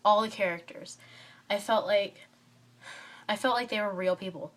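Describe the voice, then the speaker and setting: A woman's voice: mid-range voice, normal speed. A woman with a cold giving a chatty, rambling book review vlog, full of fillers and tangents. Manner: rambling and excitable, many fillers, drifts off topic. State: stuffy from a cold.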